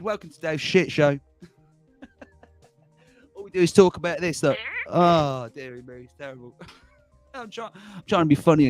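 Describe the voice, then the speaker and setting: A man's voice: a little high, no room sound. A man hosting a casual livestream, rambling and chuckling as he reads out viewer comments. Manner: chuckling, rambling, self-mocking. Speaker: livestream host.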